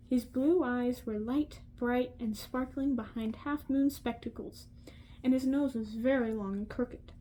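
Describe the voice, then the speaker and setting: A woman's voice: a little high, mellow, slight background noise, rough recording. Woman reading a novel aloud. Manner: slow, careful reading with some slips. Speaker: audiobook reader.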